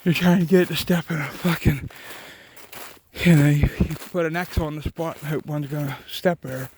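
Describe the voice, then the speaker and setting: A man telling a rambling, profane hunting story from his childhood, talking outdoors deep in the woods. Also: fairly even intonation, normal speed, a little mellow, a little hiss or hum. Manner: profane, rambling, laughs at his own stories. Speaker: vlogger.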